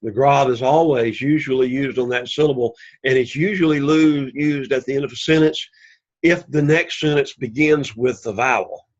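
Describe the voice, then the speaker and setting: A man teaching a Greek class, explaining slowly and patiently and repeating key words for emphasis. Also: medium pitch, lo-fi sound. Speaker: Greek instructor. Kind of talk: recorded class lecture.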